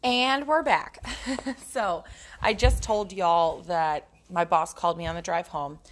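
A young adult woman hosts a casual solo podcast in a lowish, slow voice. She talks frankly and profanely and keeps breaking into giggles.

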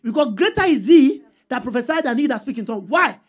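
A woman's voice: high-pitched, animated, quick pace. A woman preaching a sermon, repeating points and calling for answers from the congregation. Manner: call-and-response with the congregation, emphatic repeats.

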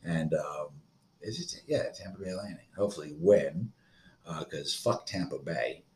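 A man's voice: low voice, a little slow, echoey room, slight background noise. A man in his thirties from Florida, hosting a solo podcast in a profane, rambling, agitated rant. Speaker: podcast host.

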